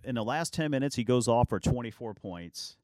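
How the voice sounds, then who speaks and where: A man hosting a sports talk show, telling lively basketball anecdotes and acting out what players said. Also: medium pitch, moderate pace, no room sound. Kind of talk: casual sports storytelling.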